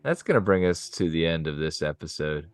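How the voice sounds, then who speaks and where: A man's voice: a bass voice, expressive, fairly quick, clear, resonant tone, dry recording. A man co-hosting a podcast, teasing and upbeat in casual chat. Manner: teasing and upbeat, laughs easily. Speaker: podcast co-host.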